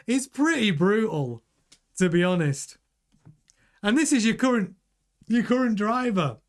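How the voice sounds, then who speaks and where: A man's voice: high-pitched, lively intonation, unhurried. Chatty man hosting a live stream. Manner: chatty, restarts and repeats words. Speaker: host. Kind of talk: live-stream news commentary, reading chat.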